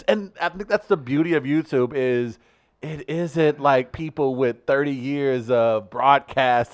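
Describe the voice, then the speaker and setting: A man's voice: medium pitch, a little slow, no room sound. A man co-hosting a casual studio talk show, rambling with lots of laughs and restarts. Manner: rambling, animated, laughs often. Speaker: podcast co-host. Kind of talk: casual chat.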